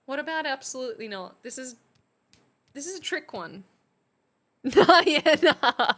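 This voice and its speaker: A young woman streaming live, hosting a playful mock class in a casual chatty way, laughing often and exclaiming with excitement. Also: high voice, normal speed.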